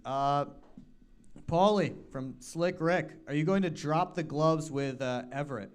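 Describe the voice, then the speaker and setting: A man's voice: fairly high pitch, a little slow. Joking man host reading fan questions. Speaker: show host. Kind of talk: casual chat.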